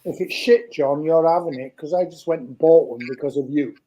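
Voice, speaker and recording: A man's voice: on the high side, a little fast, dark tone, dull audio. A man with a Yorkshire accent joining a live video chat, teasing and swearing and often cutting in. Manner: teasing, sweary, keeps butting in. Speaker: guest on a live stream. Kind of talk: casual banter over a video call.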